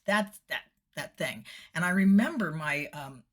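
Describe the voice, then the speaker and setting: A woman's voice: deep voice, expressive, unhurried. A middle-aged woman, a former TV host, chatting casually in a personal vlog, laughing often and slipping into whispery voices when quoting.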